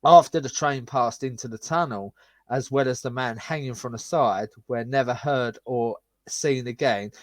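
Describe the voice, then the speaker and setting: A man's voice: medium pitch, normal speed, no echo. Laughing man, dry close sound. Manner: reads articles aloud with stumbles, laughs often. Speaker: podcast co-host. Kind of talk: casual chat reading ghost stories.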